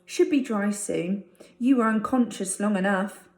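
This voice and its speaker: A woman reading a storybook aloud, voicing an excited young boy who tells his friend what happened. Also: medium pitch, a little slow, lightly acted. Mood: chatty. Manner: excited, breathless. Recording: roomy echo.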